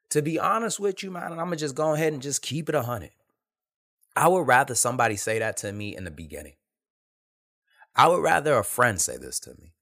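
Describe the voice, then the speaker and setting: Speaking fairly quickly at a medium pitch, a podcast host delivers a casual, candid monologue in a sing-song, creaky, slightly bright voice. He's emphatic, uses plenty of street slang, and keeps repeating himself.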